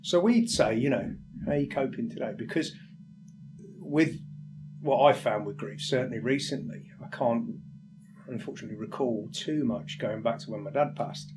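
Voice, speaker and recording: A man from England talks in a reflective interview. He is a firefighter whose pitch sits in the middle range. His speech is candid and halting, and he sometimes acts out the conversations he quotes. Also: background noise. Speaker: firefighter guest.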